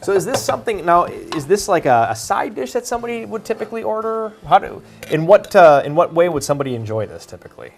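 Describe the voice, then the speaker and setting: A woman's voice: on the low side, very animated, fast talker, hardly any pauses, darkish tone. A woman hosting a casual TV interview in a studio kitchen, chatty and inquisitive, with frequent short acknowledgments. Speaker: TV host.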